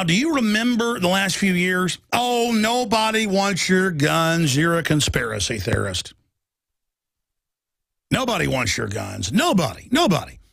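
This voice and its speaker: A male radio talk show host giving an emphatic, mocking political monologue that rises toward shouting. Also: high-pitched, vocal fry, no echo, studio quality.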